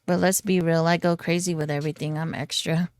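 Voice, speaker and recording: A woman's voice: sits low, flat delivery, fairly quick, a little mellow, no room sound. Giggly woman vlogger, dry close sound. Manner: giggly, chatty, goofy asides. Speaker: beauty vlogger. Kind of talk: casual fragrance haul review.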